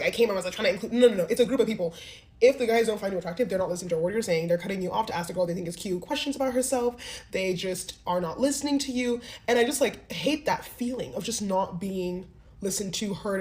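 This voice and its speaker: Twenty-something woman venting into the camera, talks super fast, emotional. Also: mid-range voice, darkish tone. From United States. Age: 20s. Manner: rambling, emotional, repetitive. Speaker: vlogger in a played clip. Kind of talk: confessional vlog.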